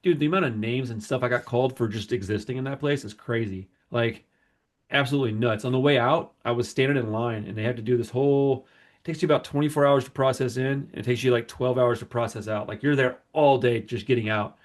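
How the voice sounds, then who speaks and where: A man's voice: medium pitch, fast talker. A man on a podcast telling a long personal story in casual chat, rambling and acting out the people he quotes. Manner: rambling, animated retelling with quoted voices. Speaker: podcast host.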